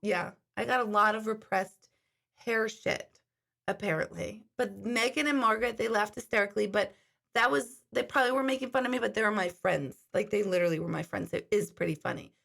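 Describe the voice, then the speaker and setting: Chatty woman with a gravelly voice. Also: medium pitch, fairly quick, a bit bright. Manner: chatty storytelling, reads viewer comments aloud. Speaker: intuitive hosting a live stream. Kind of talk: casual live-stream chat.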